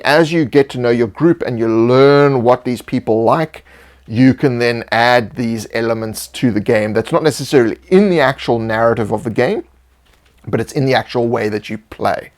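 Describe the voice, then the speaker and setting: A man co-hosting a casual chat with game master tips, talking in a relaxed, rambling way with frequent restarts. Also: medium pitch.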